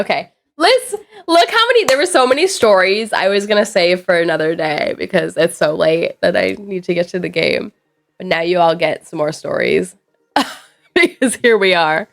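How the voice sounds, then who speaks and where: A woman's voice: mid-range voice, vocal fry, a bit bright. A woman streamer chatting casually with her viewers, rambling and reacting playfully to chat messages. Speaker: live streamer.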